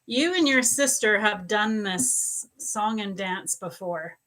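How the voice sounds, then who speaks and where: A woman psychic medium answering viewer questions in a live stream, chatty and animated, laughing often. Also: mid-range voice, slow pace, low-quality recording. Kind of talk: live-stream reading, casual chat.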